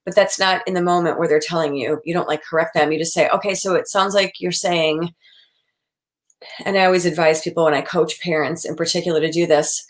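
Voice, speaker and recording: A woman's voice: sits low, fairly even intonation, quick pace, hardly any pauses. Chatty woman therapist in her forties. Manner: chatty, acts out quoted dialogue. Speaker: psychotherapist. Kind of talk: casual expert advice talk.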